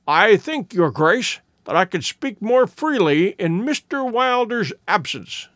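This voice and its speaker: A cold, exacting male detective, as a man reads him aloud in a storybook. He speaks in a measured, inexorable way with a fairly high, lively voice. The sound is close and dry. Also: dry recording, exaggerated voice. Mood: cool, measured.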